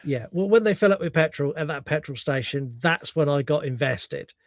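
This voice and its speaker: A man's voice: fairly high pitch, expressive, moderate pace, dry recording. A middle-aged British man, co-hosting a podcast, chatting casually and retelling film scenes with animation. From Britain. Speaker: podcast co-host. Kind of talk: casual chat.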